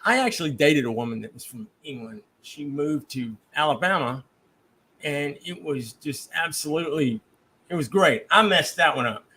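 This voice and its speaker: A man hosting his livestream, talking in an animated, rambling way and laughing often. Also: fairly high pitch, moderate pace, breathy edge. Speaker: livestream host. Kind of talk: casual chat.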